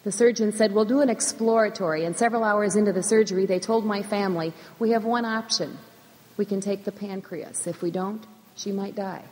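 A middle-aged woman who teaches school, giving a measured, earnest personal faith testimony in a church. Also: mid-range voice, darkish tone. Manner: earnest, measured, emphatic repetitions. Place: church sanctuary. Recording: long church hall reverb.

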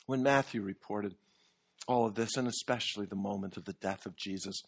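A man preaching a sermon earnestly, with measured pauses that build to emphatic peaks. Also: on the low side, creaky, breathy edge.

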